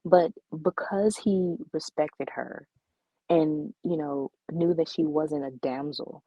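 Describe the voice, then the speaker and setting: A woman co-hosting a casual comic book podcast, speaking in a measured, opinionated way on a dull, lo-fi recording. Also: sits low, breathy edge, no echo. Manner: measured, opinionated, frustrated ranting. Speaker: podcast co-host. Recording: dull lo-fi dry mic.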